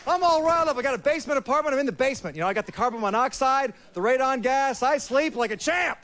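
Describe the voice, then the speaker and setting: A man from Florida doing a stand-up comedy set in a hyper, loud, pumped-up manner. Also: very high-pitched, lively intonation, fast. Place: TV studio stage. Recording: TV studio with audience laughter, VHS tape hiss.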